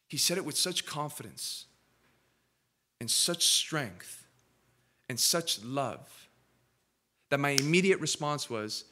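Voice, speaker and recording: A man preaching from the pulpit with a bright, ringing voice that sits a little high for a man. He drops to quiet, intimate stretches and then climbs into loud, insistent repetitions. The setting is a church service. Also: animated, slow, pauses often. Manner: impassioned, swings between hushed and loud emphatic build-ups. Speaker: pastor. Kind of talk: sermon. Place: church sanctuary.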